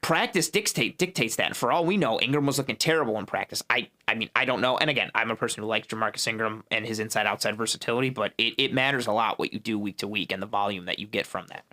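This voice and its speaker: A man's voice: on the low side, quick pace, few pauses, sharp tone. A man appearing as a guest analyst on a sports podcast in a studio, talking things through. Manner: conversational, analytical.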